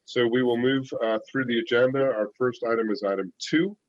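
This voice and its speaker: A man's voice: medium pitch, fairly even intonation, fairly quick, no room sound, highs cut off. A man chairing a public planning board meeting, running through procedure steadily with filler uhs. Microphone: virtual call.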